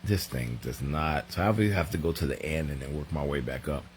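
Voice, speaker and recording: A man's voice: very deep voice, slight background noise. A middle-aged man, chatting casually on a live show, joking and laughing as he reads out viewer comments. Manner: joking, laughs often, drawn-out reading aloud. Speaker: co-host of a married couple's live show.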